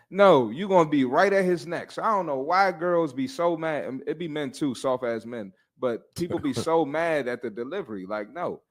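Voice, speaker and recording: Blunt, animated young man host. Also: on the high side. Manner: blunt, animated, slangy, laughs a lot. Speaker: fitness podcast host. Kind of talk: casual podcast banter.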